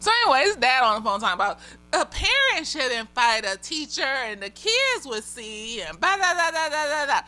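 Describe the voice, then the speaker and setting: A slightly tipsy woman therapist giving a casual, profane review with lots of giggling and animated storytelling. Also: high-pitched, moderate pace.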